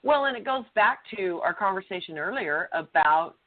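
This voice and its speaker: A woman's voice: fairly low pitch, normal speed. A middle-aged woman co-hosting a podcast, telling a personal story earnestly and emphatically, sometimes swearing. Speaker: podcast co-host. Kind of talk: conversational podcast talk. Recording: phone-like narrow sound.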